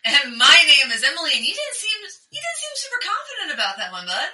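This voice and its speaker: A woman co-hosting a podcast in casual chat, laughing often and talking in an animated way. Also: sits high, quick pace, echoey room, distant mic, low-quality recording. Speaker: podcast co-host.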